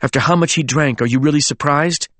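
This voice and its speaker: A man's voice: a little high, quick pace, fairly bright tone, dry recording, voice pushed up, close to an everyday voice. A man voicing a cold, scornful young woman who speaks dismissively.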